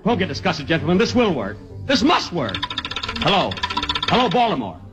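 A man's voice: extremely high pitch, wildly swooping pitch, moderate pace, over music, heavily acted, poor audio. An actor playing a pompous male inventor who keeps repeating himself in exasperation, in 1940s radio comedy style. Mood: exasperated. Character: pompous male inventor demonstrating his telephone.

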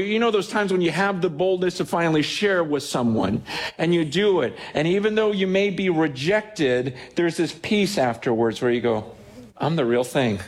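A male pastor with a somewhat high voice preaches in a loose, conversational way. He stumbles over restarts and acts out the people in his stories as he goes. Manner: conversational, animated, with many restarts and acted-out quotes. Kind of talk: sermon.

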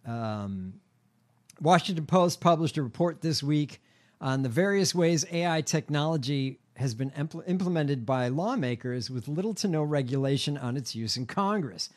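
A man co-hosting a podcast, reading out news stories in a slow, halting way with fillers. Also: a little high, animated. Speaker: podcast co-host. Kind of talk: casual chat.

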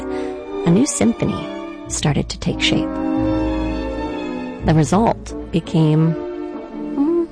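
Female classical radio host, low voice with vocal fry, conversational, music clearly underneath. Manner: conversational, storytelling delivery. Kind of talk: scripted radio program introduction.

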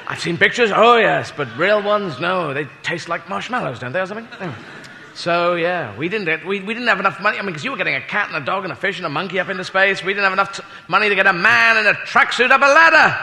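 British male stand-up, high-ish voice, self-mocking rambler, live in a reverberant hall. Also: lively intonation, fast, vocal fry, bright, forceful tone. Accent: British English. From Britain. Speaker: stand-up comedian. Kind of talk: stand-up comedy set. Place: large hall before a live audience. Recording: echoey hall with audience noise.

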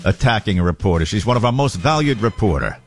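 A man's voice: fairly low pitch, expressive, fast talker, faint music behind. A man hosting a morning talk radio show, sarcastic and jokey, often mimicking the people he talks about.

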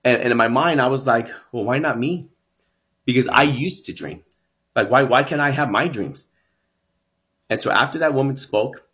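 A man's voice: medium pitch, a bit bright. A man, a guest in an interview, telling his own story earnestly and reflectively, often repeating words as he builds up. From San Antonio, Texas.

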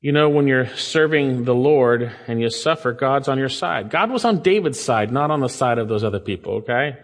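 A man's voice: medium pitch, moderate pace. A man preaching an expository sermon, reading verses aloud and lifting his voice sharply on key phrases. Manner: animated, rising emphasis when reading scripture. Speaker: pastor. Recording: long hall reverb.

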